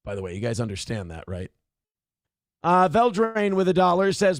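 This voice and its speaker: With a high-pitched voice that swings wildly in pitch at a normal speed, this livestream host rambles, cusses freely and reads out messages from viewers. The recording is dry and studio quality.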